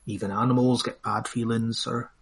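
A man reading out a handout as a rough-spoken soldier describing a grisly scene. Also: mid-range voice, level tone, moderate pace. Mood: grim. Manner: blunt, coarse dialect grammar. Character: rough-spoken male soldier recounting a gruesome find.

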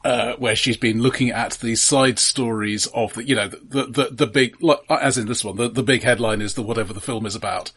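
A man's voice: medium pitch, brisk, hardly any pauses, fairly bright tone, husky. A man chatting on a gaming podcast, stumbling and repeating words as he explains. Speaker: podcast player. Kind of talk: casual chat.

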